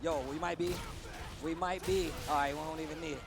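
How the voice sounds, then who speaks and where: A man commentating an esports fighting game tournament, excitable and bantering with the crowd and his co-caster. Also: on the high side, a little fast. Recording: music playing behind commentary.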